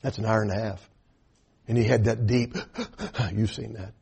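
Older southern preacher guy, mellow husky voice, telling folksy stories in a sermon, says amen a lot. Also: fairly low pitch, fairly even intonation, normal speed. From Atlanta area, US South. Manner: folksy storytelling, punctuated with amens.

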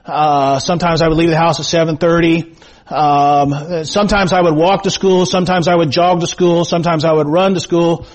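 Folksy preacher man, slightly high voice. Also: steady tone. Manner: slow, measured scripture reading and prayer; folksy storytelling with frequent fillers. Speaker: pastor. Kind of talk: sermon with prayer and personal storytelling. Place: church sanctuary.

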